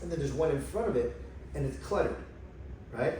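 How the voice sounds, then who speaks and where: Guy telling a story, gets really animated, slightly high voice, lots of room echo. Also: a little fast. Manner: animated, emotional, acts out quoted voices. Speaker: guest telling his spiritual experiences. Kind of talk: casual storytelling conversation. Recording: echoey room, far from mic, faint noise.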